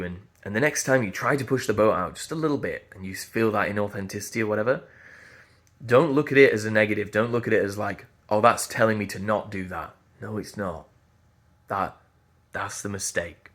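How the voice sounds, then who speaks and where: A man's voice: fairly low pitch, a bit bright. A man, a voice teacher giving an earnest, emphatic motivational talk and repeating phrases as he thinks aloud. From Yorkshire.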